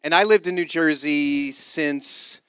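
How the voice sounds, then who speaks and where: A middle-aged man from New York preaching a sermon with personal testimony. He swings from loud emphatic lines to hushed ones and drops joking, self-deprecating asides. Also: fairly high pitch, slow, clean tone, no echo.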